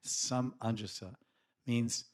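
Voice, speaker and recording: A man giving a devotional lecture at an unhurried pace. He often halts and repeats or rephrases his terms. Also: medium pitch, steady tone. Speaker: spiritual lecturer.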